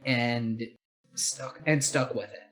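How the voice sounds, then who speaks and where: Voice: medium pitch, fairly even intonation, takes it slowly, fairly bright tone. A podcast co-host in casual film review chat, rambling and opinionated, swearing casually.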